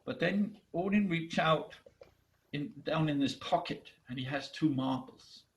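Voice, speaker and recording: A man telling a myth in an animated, dramatic way, with halting restarts, over a video call. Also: on the high side, rough recording. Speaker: storyteller. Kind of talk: myth storytelling.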